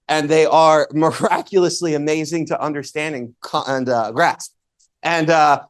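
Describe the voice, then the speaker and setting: A man working as MC, introducing the next speaker with an energetic, laughing story. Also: on the high side. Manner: energetic, laughing, theatrical retelling.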